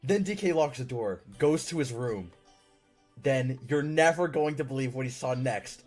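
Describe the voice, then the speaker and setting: A man's voice: on the high side, lively intonation, moderate pace, a little mellow, faint music behind. A man casually reading viewer-submitted stories aloud, often laughing and breaking off into incredulous outbursts.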